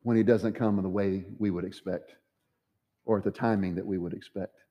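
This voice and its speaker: A man's voice: low voice, fairly even intonation, a little fast, in a large hall, lo-fi sound. A man preaching a sermon as pastor, acting out the quoted voices with dramatic swings. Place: church sanctuary.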